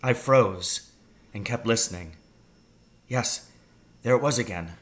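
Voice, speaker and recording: A man reading a children's novel aloud, telling the story slowly and deliberately. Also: on the low side. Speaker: reader.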